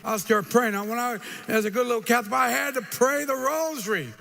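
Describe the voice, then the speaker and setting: An older man gives a live motivational talk, his very high, bright voice ringing out with long hall reverb. He tells his stories in an animated way, acting out the quotes and dropping in short, punchy asides, with faint ambience behind him. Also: fairly quick, creaky. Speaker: motivational speaker.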